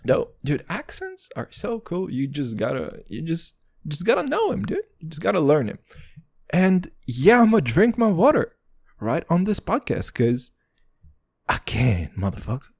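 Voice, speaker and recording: A young man rambles through a casual solo podcast in crude, swaggering slang. His voice swings widely, dropping into low mutters and jumping into high, excited bursts. He keeps calling the listener "dude.". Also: a little slow, vocal fry, slightly rough. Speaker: podcast host.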